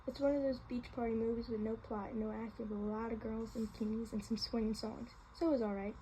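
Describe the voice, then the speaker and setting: A woman's voice: fairly high pitch, little pitch movement, quick pace, warm tone, a little hiss or hum, rough recording. A woman reading a novel aloud in a casual way, with small slips and restarts. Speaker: reader.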